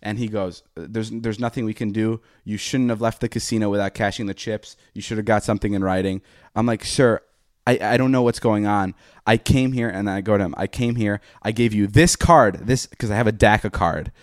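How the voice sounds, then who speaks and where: A young man with a lowish voice tells a story on a podcast in casual chat. He swears freely and acts out every voice in it. The sound is close and dry, with no room around it. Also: fairly quick, dry recording. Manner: profane, animated, acts out quoted dialogue. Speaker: podcast host.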